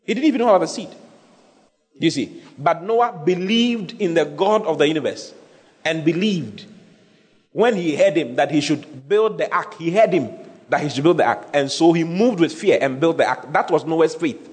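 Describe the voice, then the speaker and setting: Male preacher, slightly raised pitch, repetitive teaching delivery, long hall reverb. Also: animated, normal speed, darkish tone. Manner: repeats key phrases, checks the congregation is listening. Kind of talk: sermon teaching.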